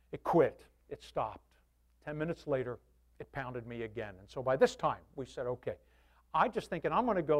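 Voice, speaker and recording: A man in his sixties, a pastor, telling a personal testimony to his congregation in an animated, candid way with self-deprecating humor. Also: fairly high pitch.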